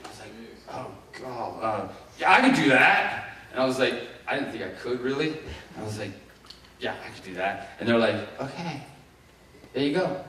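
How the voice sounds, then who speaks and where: A middle-aged man from Ohio giving a keynote talk, telling his story with lively acted-out quotes. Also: medium pitch, moderate pace. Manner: animated, acts out quoted voices. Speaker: keynote speaker. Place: large conference hall. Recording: echoey hall, heard from far off.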